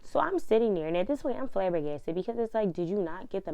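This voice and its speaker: A woman, casually telling a personal story in an animated, fired-up way full of slang. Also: lowish voice, fairly quick, few pauses, dry recording.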